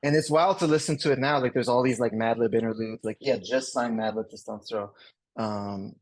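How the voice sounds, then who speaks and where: A man in his forties with a French Canadian accent, a guest chatting casually on a podcast in a rambling, relaxed way. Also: medium pitch, a little fast, dry recording. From Canada, Montreal. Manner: rambling and relaxed, many fillers and restarts.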